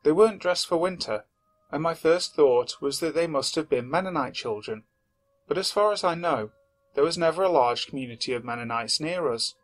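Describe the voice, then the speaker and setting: A man reading a submitted first-person horror story aloud in a steady, measured narration that slows at the tense moments. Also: a little high. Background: faint background music.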